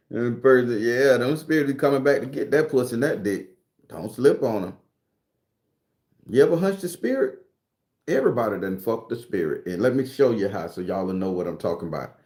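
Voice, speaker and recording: Profane man in his forties. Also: medium pitch. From southern Florida. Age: 40s. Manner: loud greetings to viewers, profane slang. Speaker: livestream host. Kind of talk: casual livestream storytelling. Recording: echoey room.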